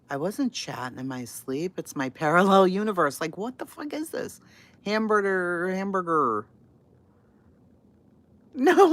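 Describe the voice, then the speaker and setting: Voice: medium pitch, slightly rough. A channel host reacting in casual commentary, incredulous and swearing, firing off exclaimed questions.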